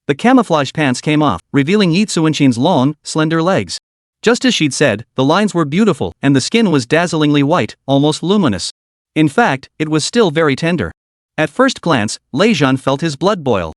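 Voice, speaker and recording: A man's voice: fairly high pitch, big pitch swings, moderate pace, dry recording, clean studio sound. A man narrating a comic recap with dramatic storytelling.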